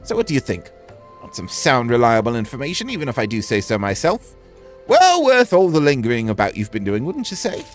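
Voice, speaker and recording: A man's voice: mid-range voice, wildly swooping pitch, a little fast, faint music behind. A man voicing an anxious, struggling small-time male merchant in a video game, speaking in a wheedling sales manner. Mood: confiding. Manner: wheedling, fretful sales talk.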